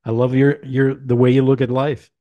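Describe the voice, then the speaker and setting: A man's voice: medium pitch, flat delivery, moderate pace, phone-quality sound. A man hosting an interview podcast, upbeat and joking as he encourages his guest. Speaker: podcast host. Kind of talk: casual interview chat.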